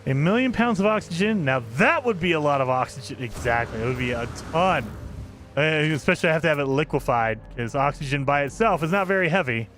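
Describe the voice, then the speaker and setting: Chatty higher-voiced man streaming a game. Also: lively intonation, fairly quick, a bit bright, slight background noise. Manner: rambling, loose commentary with frequent restarts. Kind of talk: casual live-stream chat.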